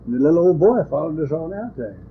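Heard on hissy, tinny lo-fi tape, an older man recalls his time as a lawman in an oral history interview. He talks fast in a fairly high voice with big pitch swings, rambling in folksy, ungrammatical country speech.

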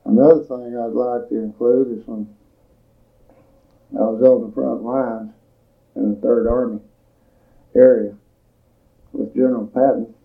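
Older man with a gravelly voice on tape. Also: medium pitch, flat delivery. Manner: plain-spoken storytelling, measured with pauses. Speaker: veteran giving oral history. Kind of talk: recorded oral history recollection. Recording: tinny lo-fi tape recording.

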